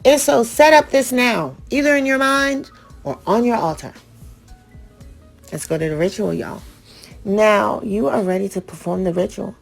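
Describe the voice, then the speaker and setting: A woman's voice: mid-range voice, animated, normal speed, gravelly, faint music behind. A woman hosting a radio show, reading out ritual steps and breaking off for blunt, profane, joking asides.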